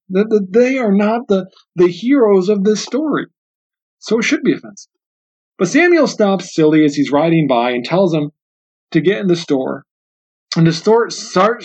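A man hosts a book discussion and makes his points with firm, preaching emphasis. His voice sits a bit high. The sound is dull and lo-fi. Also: darkish tone. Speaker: podcast host. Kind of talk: book discussion with read passages.

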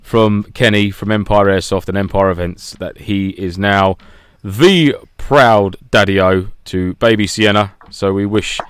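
A man's voice: fairly low pitch, unhurried, hardly any pauses, clear, resonant tone, no echo, clean studio sound. A man co-hosting a casual podcast, rambling and teasing his co-hosts. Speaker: podcast co-host. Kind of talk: casual chat.

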